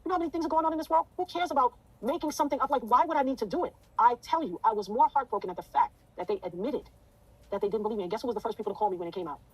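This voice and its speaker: Rapid-fire fervent woman telling her story. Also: fairly high pitch, slightly rough, low-quality recording. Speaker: interview guest. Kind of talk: emotional interview testimony.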